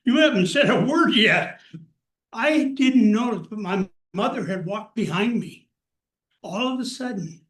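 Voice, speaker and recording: An older man recounts a personal story to a gathered group. He speaks in a plain, unhurried way. The room around him echoes noticeably. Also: very high voice, animated, a bit bright.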